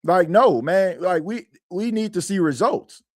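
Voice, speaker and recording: A man's voice: high voice, animated, unhurried, dry recording, clean studio sound. A man hosting a sports podcast in casual chat, rambling and slangy, repeating himself as he talks.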